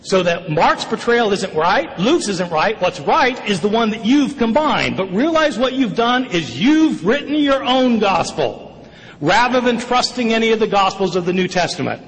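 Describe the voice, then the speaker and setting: A man giving a public lecture in an emphatic, questioning way, with quick bursts of speech. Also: sits high, sing-song, long reverb tail, rough recording. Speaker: lecturer on the New Testament.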